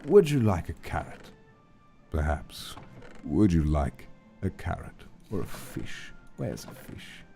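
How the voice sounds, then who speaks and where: A man streaming a game, chatting casually in a playful, theatrical way, moving between grand declarations and hushed asides. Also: deep voice, very animated, takes it slowly, gravelly, soft background music. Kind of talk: casual gameplay stream chat.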